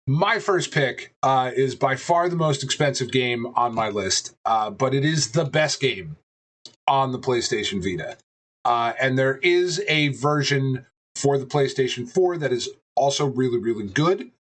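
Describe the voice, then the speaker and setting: Animated swearing man on a podcast. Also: mid-range voice, unhurried. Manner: animated, swears a lot, rambling with fillers. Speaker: podcast co-host. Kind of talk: casual chat.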